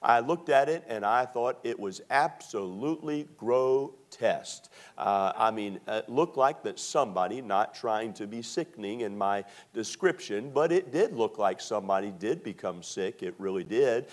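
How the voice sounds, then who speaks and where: A middle-aged man from Maryland preaching a sermon, telling stories with slow, drawn-out emphasis and many fillers. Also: fairly low pitch, animated. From Maryland, USA.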